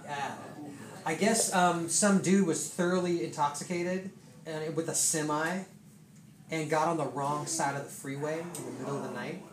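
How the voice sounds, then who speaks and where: Animated preacher telling a story, echoey hall. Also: medium pitch, moderate pace, crowd noise. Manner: animated, laughing, many fillers. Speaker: pastor. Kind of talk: storytelling sermon. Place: church hall with congregation. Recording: echoey hall, distant, noisy.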